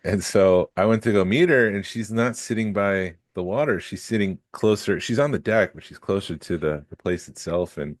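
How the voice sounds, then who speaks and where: Deep voiced guy on a podcast, dry jokes, teasing his cohost, tight dry mic. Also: normal speed, hardly any pauses, dry recording. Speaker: podcast co-host. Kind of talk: casual chat.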